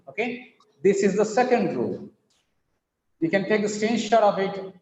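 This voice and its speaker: Echoey teacher drilling word stress. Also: male voice, sits high. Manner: drills words slowly, repeating each one several times; spells words out letter by letter. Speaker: English teacher. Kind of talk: online pronunciation lesson. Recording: echoey room, dull lo-fi sound.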